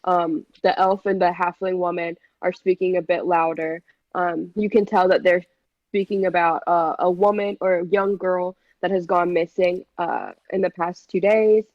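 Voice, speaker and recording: A woman's voice: fairly low pitch, fairly even intonation, moderate pace, dry recording, muffled recording. A woman acting as game master, narrating a tabletop game with many hesitant fillers.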